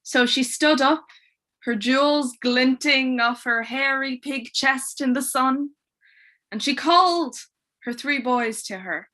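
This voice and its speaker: Bright, playful woman telling a story. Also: sits high, takes it slowly. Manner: playful, expressive, dry wit. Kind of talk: oral storytelling.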